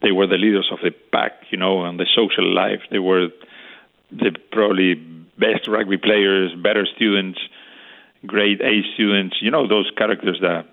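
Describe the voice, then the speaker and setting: Older man, halting, over a phone line. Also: low voice, steady tone, vocal fry. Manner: halting, searching for words. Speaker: interview guest. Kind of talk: reflective storytelling.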